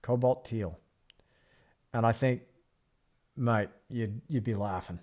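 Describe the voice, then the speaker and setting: A man's voice: medium pitch, slow, a little mellow. A man streaming live from his art studio, chatting in a reflective, rambling way while he paints. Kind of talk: casual livestream chat.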